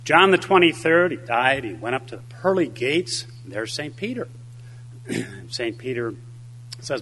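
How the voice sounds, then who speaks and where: A man's voice: mid-range voice, normal speed, a little hiss or hum. An older man giving a conference speech, telling anecdotes and a joke. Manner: storytelling, lively delivery. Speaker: conference speaker.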